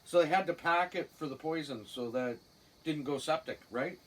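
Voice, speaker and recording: Here the Cape Breton woman, middle-aged and a storytelling guest, recounts something from her own life in a casual, salty, no-nonsense way with chuckles. She has a deep, slightly breathy voice at a moderate pace, captured from afar.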